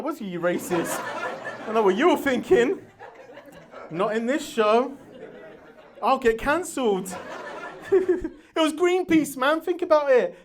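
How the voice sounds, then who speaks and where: A man doing stand-up in a club, his voice pitched high for a man. He tells brash, animated stories full of sound effects and quick put-on voices. The audience can be heard faintly behind him. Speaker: stand-up comedian. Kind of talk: stand-up comedy set. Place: comedy venue with live audience. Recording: crowd audible in the background. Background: audience laughter.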